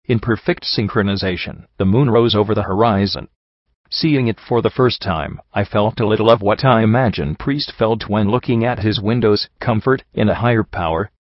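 A man's voice: lowish voice, normal speed, no echo. A man reading a first-person story aloud, with dry, wry asides. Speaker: audiobook narrator. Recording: dull lo-fi recording.

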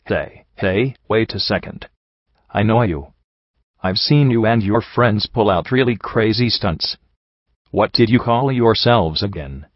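A brash young mare DJ, cocky and teasing, loose and casual in her talk, as a man reading the story puts her on. The voice is low and the recording sounds dull and dry. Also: measured pace, no room sound.

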